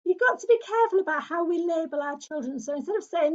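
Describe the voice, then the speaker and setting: A woman's voice: very high voice, expressive, quick pace, few pauses, dull audio. A middle-aged woman from England who leads a parenting group, talking in an earnest, encouraging way. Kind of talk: casual spoken talk.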